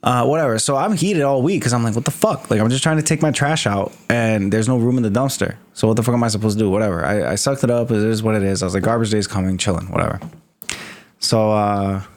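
A man's voice: lowish voice, fast, few pauses, darkish tone. Swearing young man spinning a rambling story. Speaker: podcast co-host. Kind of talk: casual chat.

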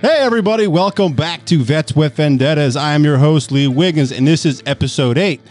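A man's voice: a little high, a little fast, darkish tone, faint music behind. A man hosting a podcast in casual banter, loose and laughing easily, swearing freely. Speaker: podcast host.

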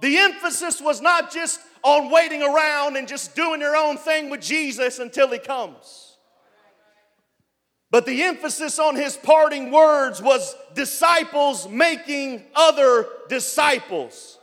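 A man preaching a sermon as pastor, building up to loud shouted passages. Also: very high voice, unhurried, big-room sound. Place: church.

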